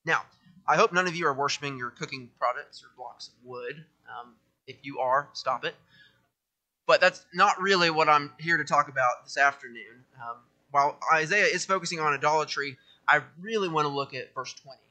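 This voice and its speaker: A young man preaching a sermon, reading scripture aloud with emphasis and then talking in a lively, conversational way. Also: on the high side, moderate pace.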